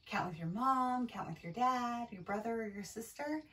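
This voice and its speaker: A woman's voice: on the high side, normal speed, a bit bright, distant mic, low-quality recording. A woman teacher reading a picture book aloud to young children, cheerful and encouraging. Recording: voice from away from the mic.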